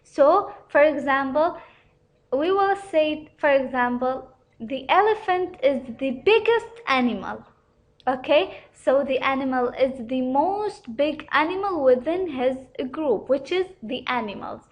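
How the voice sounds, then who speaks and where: Slow, high-voiced woman teaching grammar. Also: lively intonation. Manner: careful, repetitive, pauses often with uh. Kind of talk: slow explanatory lesson.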